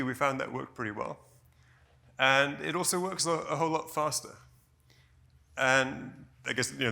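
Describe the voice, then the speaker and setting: A man presents at a technical conference, walking through his points in a measured, explanatory way. His voice is bright with a gravelly, fry-tinged edge. He often pauses on "you know" and corrects himself mid-sentence. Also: mid-range voice. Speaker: conference speaker.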